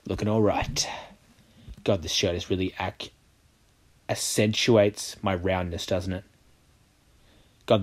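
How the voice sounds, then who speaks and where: A man reading a glum awkward cat girl. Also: low-pitched.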